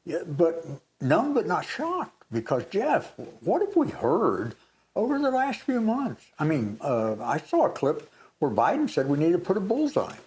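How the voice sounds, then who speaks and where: An older man and grandfather, co-hosting a faith talk show, telling a story in a lively way. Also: fairly high pitch, unhurried. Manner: animated storytelling, re-enacts moments. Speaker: co-host. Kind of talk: casual chat.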